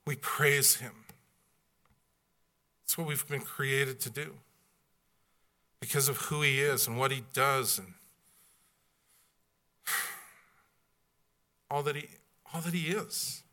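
A man preaching a sermon, blunt and folksy, swinging from loud outbursts to hushed asides. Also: mid-range voice, steady tone, slow pace, pauses often. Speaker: pastor.

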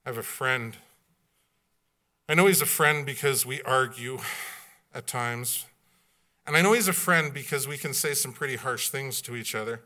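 Bright-voiced preacher, blunt and folksy. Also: male voice, medium pitch, normal speed, pauses often. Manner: dramatic swings from loud exclamations to hushed asides. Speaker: pastor. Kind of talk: sermon.

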